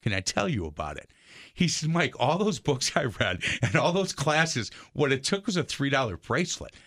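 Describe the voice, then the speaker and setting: An older man hosts a casual faith talk show, his voice sitting at an ordinary middle pitch. He stumbles and restarts his sentences as he spins long anecdotes for his guest. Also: sing-song, normal speed, fairly bright tone, dry recording, studio quality. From Southeast Wisconsin. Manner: stammering restarts, storytelling. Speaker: radio show host. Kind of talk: casual interview chat.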